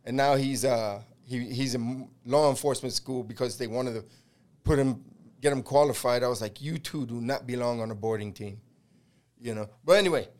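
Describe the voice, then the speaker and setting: A man's voice: medium pitch, moderate pace, darkish tone. A middle-aged American man hosting a podcast, telling a long story in casual chat, acting out the quotes, swearing and laughing along. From United States. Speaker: podcast host.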